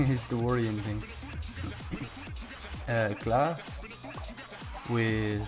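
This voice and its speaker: Excitable young man narrating gameplay, unhurried. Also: on the low side, music in the background. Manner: excitable, swears often, talks to himself while playing. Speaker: gaming channel host. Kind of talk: live gameplay commentary.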